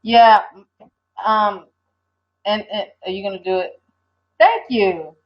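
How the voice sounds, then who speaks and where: A woman's voice: medium pitch, slow. An older woman hosting a casual livestream, talking in a rambling, hesitant way and answering viewers. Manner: rambling, hesitant, reads viewer comments aloud. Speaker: livestream host. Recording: dull lo-fi stream audio.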